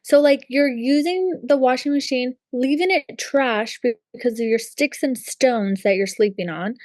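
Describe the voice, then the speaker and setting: A young woman co-hosts a chatty podcast, agreeing emphatically and scattering "like" through her sentences. Her voice is on the higher side, recorded close and dry. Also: moderate pace, a little mellow, dry recording. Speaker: podcast co-host. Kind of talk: casual chat.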